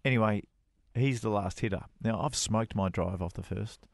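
Animated man telling a story. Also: on the low side, normal speed, vocal fry, dry recording, studio quality. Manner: animated anecdote-teller, voices other people. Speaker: co-host, former touring golf pro. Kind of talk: casual radio chat, storytelling.

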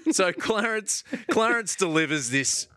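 A man's voice: sits high, expressive, unhurried, bright, forceful tone, dry recording. Man telling sports stories. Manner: rambling, laughs easily, fillers. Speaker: podcast co-host. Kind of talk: casual sports podcast storytelling.

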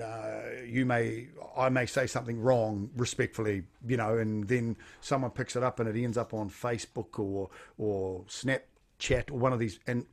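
Rambling New Zealand podcast host. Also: male voice, medium pitch. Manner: rambling, informal questioning with restarts. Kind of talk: conversational interview.

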